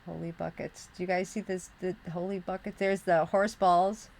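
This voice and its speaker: A woman's voice: lowish voice, steady tone, normal speed, creaky, a little mellow. A middle-aged woman from Western New York, her accent tinged with the Midwest, chatting casually with her live-stream viewers while crafting, rambling and muttering as she searches. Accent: Western New York with Midwestern touches.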